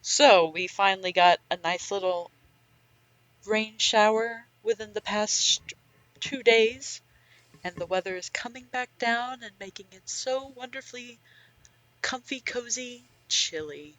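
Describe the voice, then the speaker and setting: A woman's voice: mid-range voice, measured pace, fairly bright tone, low-quality recording. A woman co-hosting a podcast, chatting in a teasing, slangy way. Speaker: podcast co-host, dog groomer. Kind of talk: casual podcast chat.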